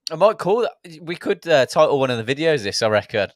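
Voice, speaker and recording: A man's voice: a little high, sing-song, brisk, no echo, clean studio sound. A man hosting a live fan football show, chatting and reading out viewer comments. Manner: chatty, reads viewer comments, laughs often. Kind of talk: live football watchalong chat.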